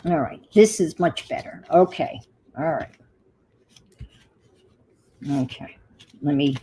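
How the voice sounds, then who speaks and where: A woman's voice: sits low, lively intonation, slow pace, long pauses, dark tone, slight background noise, low-quality recording. An older woman hosting a crafting livestream, chatting casually and muttering to herself as she works. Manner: talks to herself while working, muttering asides.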